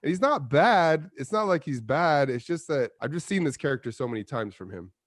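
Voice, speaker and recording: A man's voice: fairly high pitch, animated, fairly quick, no room sound, studio quality. A man co-hosting a casual movie review chat, rambling in a laid-back way with lots of fillers. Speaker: co-host of a movie review show.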